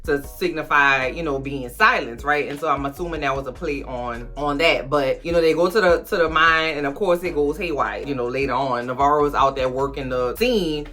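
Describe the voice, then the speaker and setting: A woman's voice: sits low, normal speed, hardly any pauses, a bit bright, soft background music. A woman host casually recapping a TV episode, chatty and slangy, talking straight to her viewers while a little tipsy. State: tipsy from drinking.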